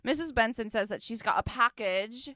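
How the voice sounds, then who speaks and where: Bright-voiced young woman podcast co-host. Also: fairly high pitch, normal speed, no echo, studio quality. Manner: deadpan quips, playful bits in quotes. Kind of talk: casual recap chat. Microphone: headset.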